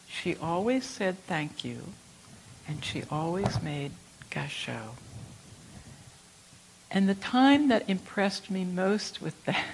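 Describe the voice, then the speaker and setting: An older woman giving a reflective Buddhist dharma talk, telling stories gently. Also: on the low side, slight background noise, rough recording. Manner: slow, reflective, gentle storytelling. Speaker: Buddhist teacher.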